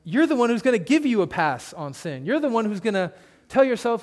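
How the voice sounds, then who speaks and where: A man preaching a sermon in a church, earnest and emphatic, often dropping to a low hush for emphasis. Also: very animated, fairly quick. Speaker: pastor.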